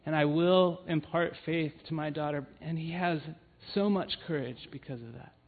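Over tinny, phone-like audio, a man with a fairly high voice preaches at an ordinary pace. He's a church family ministry leader, and his sermon consists of earnest personal stories broken up by frequent "um"s.

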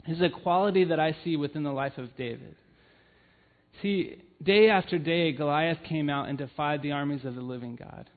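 Man, sermon, earnest storytelling, frequent fillers, slightly high voice, tinny phone-like audio. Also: normal speed. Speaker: church family ministry leader. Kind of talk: sermon with personal stories.

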